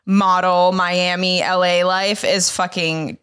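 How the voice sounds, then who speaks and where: A young woman co-hosting a casual podcast, high and giggly, rambling and swearing freely. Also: flat delivery, takes it slowly, fairly bright tone, smooth. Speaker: podcast co-host. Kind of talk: casual stoner podcast chat.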